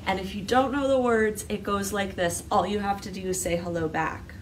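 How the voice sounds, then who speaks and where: A woman's voice: mid-range voice, normal speed, recorded from a distance, a little hiss or hum. A woman who is a children's librarian hosting a virtual storytime. She talks and sings playfully to young listeners and then reads a picture book aloud. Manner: animated, playful, sings a call-and-response song.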